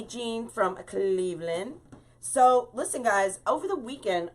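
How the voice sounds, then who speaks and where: A woman with a slightly low voice hosts a live wreath-making stream. She chats freely and greets each viewer by name as she works through the tutorial. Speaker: wreath designer hosting a live craft stream.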